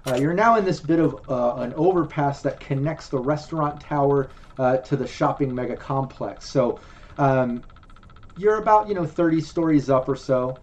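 A man narrating as game master in a relaxed, chatty way, with many fillers. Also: medium pitch, normal speed, muffled recording. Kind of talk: narrating a tabletop role-playing game.

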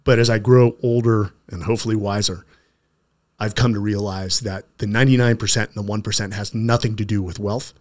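A man's voice: on the low side, fairly even intonation, brisk. A middle-aged man hosting a conversational interview, speaking earnestly and often stopping to restart his sentences. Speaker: podcast host.

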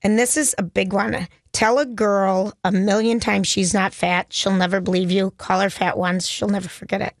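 A woman's voice: medium pitch, steady tone, normal speed, hardly any pauses, no echo, studio quality. A woman co-hosting a casual morning radio show, sharing news tidbits in a chatty, giggly way. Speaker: radio co-host.

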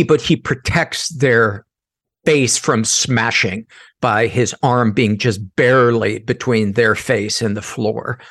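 A man, a guest comedian, telling a wry, animated story in casual talk. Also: medium pitch, breathy edge.

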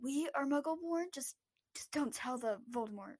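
A woman's voice: high voice, expressive, moderate pace, darkish tone. Woman co-host with short quips. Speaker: podcast co-host. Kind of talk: casual chat.

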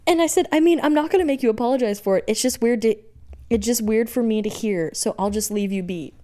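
A woman's voice: fairly high pitch, quick pace, dark tone. A young woman co-hosting a podcast, retelling a dating story by reading out text messages, often laughing. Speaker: podcast co-host. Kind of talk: casual chat, retelling a date story.

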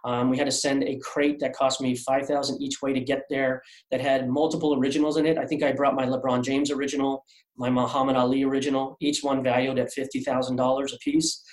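A man's voice: medium pitch, level tone, brisk. Rambling man in a roomy space. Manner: rambling, many fillers and restarts. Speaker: artist guest. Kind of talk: podcast interview storytelling. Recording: roomy echo.

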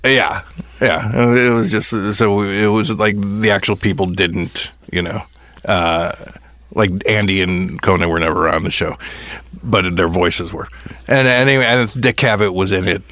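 A man's voice: low-pitched, measured pace, a bit bright, no room sound. Rambling man telling a story, dry sound. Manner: rambling, restarts often. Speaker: podcast host, former comedy writer. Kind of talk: casual storytelling chat.

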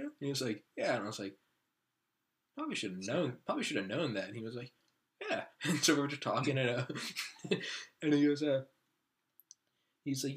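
A man in his thirties hosting a podcast, telling stories in casual chat and jumping into a higher voice to act out his friends. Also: brisk, long pauses, breathy edge. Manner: animated, acts out quoted friends with raised pitch. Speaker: podcast host.

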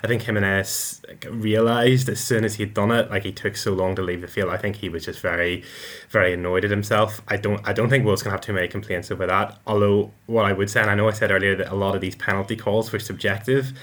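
Hesitant male football pundit, low voice. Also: steady tone, fast, fairly bright tone. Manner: hesitant, many repeated words. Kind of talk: casual football analysis.

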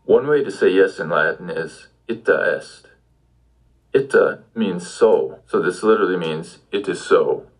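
A man's voice: deep voice, lively intonation, unhurried, breathy edge, low-quality recording. A man giving an audio language lesson, patiently prompting the listener with questions. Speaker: language teacher.

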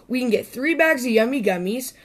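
A woman's voice: on the high side, expressive, a little fast, pitched above the performer's own voice. A woman voicing a cheerful, clever young girl squirrel in a storybook, speaking eagerly. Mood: chirpy.

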